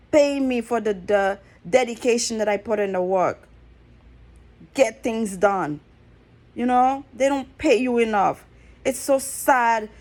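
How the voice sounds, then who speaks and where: A woman in her thirties ranting about her job in a frustrated, emphatic, repetitive way. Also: a little high. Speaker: vlogger. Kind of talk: casual rant to camera.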